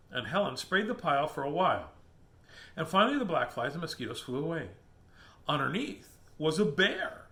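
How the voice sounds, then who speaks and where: A man reading a children's picture book aloud, animated and chuckling at the pictures. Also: a little high, moderate pace. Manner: animated, chuckling asides to the listener.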